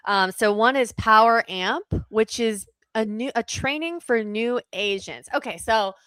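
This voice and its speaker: A woman co-hosting a casual podcast, talking excitedly and often backtracking to correct herself. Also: medium pitch, clean tone, no echo. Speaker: podcast co-host.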